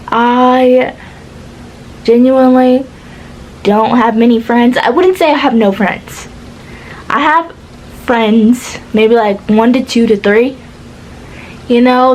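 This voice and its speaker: A woman's voice: a little high, measured pace, a little hiss or hum, poor audio. A woman in her twenties rambling casually to the camera from her bed at home, chatty and meandering with lots of fillers. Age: 20s. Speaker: vlogger. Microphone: camera or phone.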